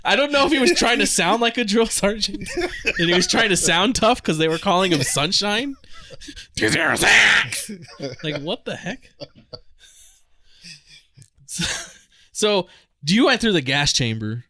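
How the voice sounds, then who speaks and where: A man's voice: high-pitched, sing-song, moderate pace, pushed and bright. A man co-hosting a podcast in casual chat, easygoing and reactive, who often laughs. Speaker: podcast co-host.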